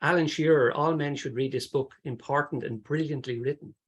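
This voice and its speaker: A man hosts a webinar interview, asking long, encouraging questions. His voice sits a little high. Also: fairly quick, husky, dull audio. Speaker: host.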